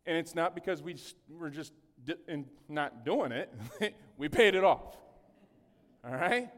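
A male pastor preaching a sermon in an animated, conversational way, with humorous asides. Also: a little high, unhurried. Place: church sanctuary. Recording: long hall reverb.

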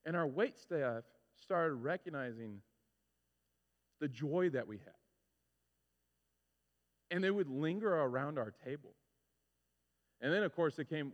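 A male pastor preaching a sermon, telling stories with lively, animated delivery and acting out his own frustrations. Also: a little high, measured pace, pauses often. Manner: animated storytelling, acts out his own complaints. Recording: muffled sound with long hall reverb.

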